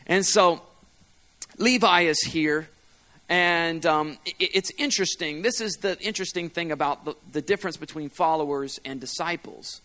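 A man with a slightly raised voice preaching a sermon. He talks to the congregation in an easy, conversational way, often pausing to ask them for a response. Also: a little high, pushed and bright. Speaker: pastor.

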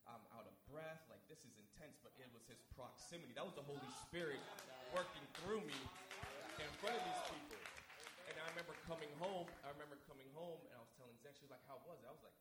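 A man speaking as a guest, telling a faith testimony in an animated way and acting out both sides of the conversations. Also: a little high, fast talker, noisy background. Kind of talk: testimony storytelling. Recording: echoey room with a crowd.

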